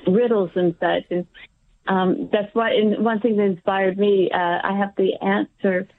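A woman's voice: medium pitch, flat delivery, dry recording. Hesitant woman caller on a tinny phone line. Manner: halting, hesitant, with many restarts. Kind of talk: phone call-in chat.

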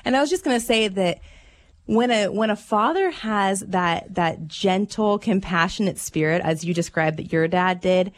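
Radio host woman, chatty and animated. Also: medium pitch, normal speed. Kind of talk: call-in radio chat.

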